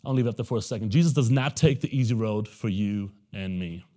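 A young adult male pastor delivering a relaxed, conversational sermon. He talks to the congregation like friends, often tossing in "right?". He breaks into animated little impressions of the people in the story. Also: fairly low pitch. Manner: casual preaching, keeps asking the room "right?"; animated, acts out the characters in quick asides.

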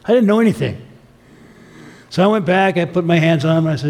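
A man's voice: fairly high pitch, lively intonation, quick pace, a little mellow. A man preaching a sermon, telling stories with emphatic, acted-out quotes. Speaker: pastor. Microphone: filmed sermon.

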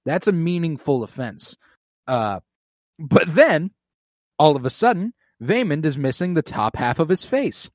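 A man's voice: a little high, measured pace, no echo. Man, casual recap chat, swears a lot, acts out quotes, dry close sound. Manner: profane, animated retelling with voiced quotes.

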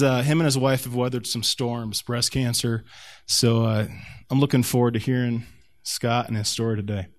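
Man casually introducing a church speaker. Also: medium pitch. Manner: relaxed, halting, with frequent fillers. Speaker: event host introducing a speaker.

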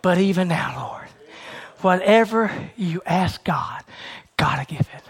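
High-voiced shouting male preacher. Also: lively intonation, measured pace, vocal fry, husky. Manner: rhythmic preaching, swinging from shouts to hushed near-whispers; repetitive, building cadence. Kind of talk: sermon.

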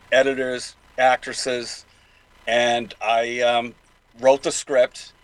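A man's voice: medium pitch, fairly bright tone, low-quality recording. An older man with a Boston accent, talking at length as a guest in a casual interview, rambling with many fillers and restarts. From New England.

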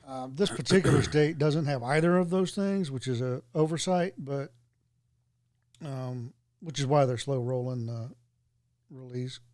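A man's voice: medium pitch, a little slow, darkish tone, dry recording, studio quality. A man talking in an easygoing way, full of fillers, in casual chat. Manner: easygoing, filler-heavy talk.

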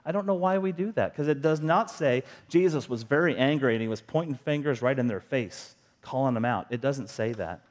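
A middle-aged man delivers a sermon from the pulpit. He has an average pitch and keeps a casual, talk-it-through manner, often checking in with rhetorical questions. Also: a little fast, hardly any pauses. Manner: conversational, earnest preaching with rhetorical questions. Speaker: pastor.

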